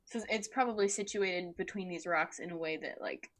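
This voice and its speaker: A woman's voice: on the low side, moderate pace. A woman playing in a tabletop game, describing things hesitantly with many fillers. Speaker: player. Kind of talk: casual tabletop game chat.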